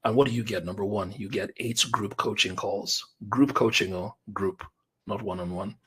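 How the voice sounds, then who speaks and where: Male business coach, lower voice, very husky, fired-up and chatty webinar host. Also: normal speed. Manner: energetic, conversational, talks directly to viewers with slang like bro and fam. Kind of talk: live webinar pitch.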